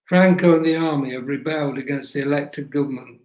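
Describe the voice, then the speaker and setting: A man's voice: fairly high pitch, a little fast, darkish tone, natural voice. A man doing a blunt young woman activist. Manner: blunt, explaining. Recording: echoey room.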